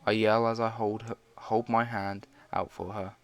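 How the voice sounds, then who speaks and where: Low-voiced man reading fan fiction aloud. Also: little pitch movement, normal speed. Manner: reads with frequent stumbles and side comments.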